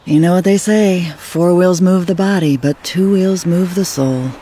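An actor playing a laid-back male biker with a flat tire in a scripted radio ad, easygoing and shrugging things off. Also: high voice, measured pace, slightly rough, no room sound.

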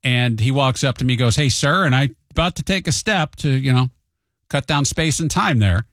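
Man, casual storytelling monologue, jumps up in pitch for quoted voices, dry close sound. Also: lively intonation, moderate pace, fairly bright tone, no room sound. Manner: chatty storyteller, acts out quotes with a raised voice; admits he tends to be hot-headed.

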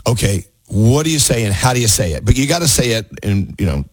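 A man's voice: lowish voice, fast talker, breathy edge, no echo. A man hosting a radio show, joking and laughing with his co-hosts and a caller. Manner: animated, laughing, playful. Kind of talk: casual morning radio banter.

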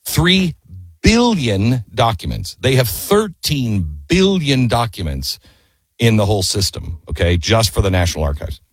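A low, slightly husky male talk radio host, recorded dry and close in a studio. He tells his story with energy and acts out each quoted line with sharp jumps up in pitch. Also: big pitch swings, a little slow, dry recording.

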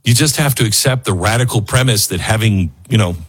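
A man's voice: on the low side, a little fast, husky. A man hosting a talk radio show, rambling and self-mocking as he reads ads and riffs on news stories. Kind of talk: talk radio monologue with host-read ads.

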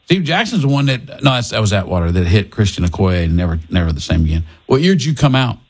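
A middle-aged radio talk host, chatting loosely with a caller. His voice is a little husky and his pitch swings a lot as he jokes and restarts his sentences. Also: fast. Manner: jokey, animated, restarts sentences. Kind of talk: casual radio call-in chat.

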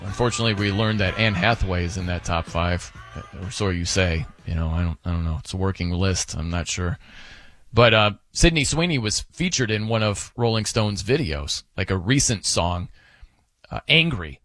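A man's voice: sits low, lively intonation, moderate pace, a bit bright, no room sound, faint music behind. A man hosting a sports radio show in casual, rambling, self-amused banter at a studio microphone.

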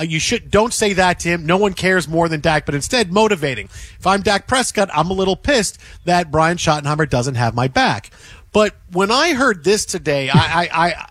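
High-voiced man ranting on sports radio. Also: fairly bright tone, no room sound. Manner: emphatic, ranting, repeats himself. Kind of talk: animated sports talk.

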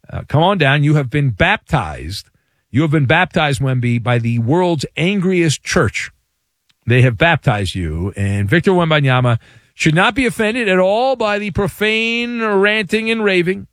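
A man hosting a sports talk radio show, delivering a playful, hyperbolic monologue with dramatic pauses. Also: fairly high pitch, fairly bright tone, no room sound, studio quality.

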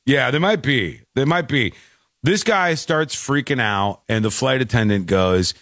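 Lively joking male podcast host. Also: mid-range voice, a little slow, no room sound, studio quality. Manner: joking, animated retelling with laughs. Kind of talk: casual chat.

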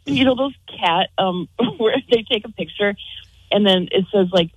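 Woman calling in to a radio show, husky, laughing through an embarrassing story. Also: medium pitch, animated, normal speed, dry recording, rough recording. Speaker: caller. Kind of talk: telling a story on the phone.

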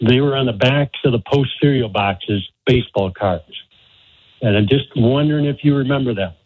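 A man's voice: mid-range voice, normal speed, slightly rough, no echo, narrow, tinny audio. A man in his sixties calling a radio show, friendly and a little hesitant, asking a nostalgic question. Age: 60s. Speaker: caller. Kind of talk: phone-in question.

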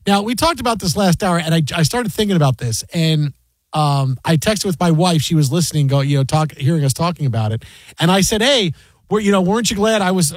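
Middle-aged radio host, man, high-pitched voice with a very dry sound, acts out stories. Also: dry recording, poor audio. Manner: animated storyteller, acts out quotes loudly. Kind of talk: casual sports talk.

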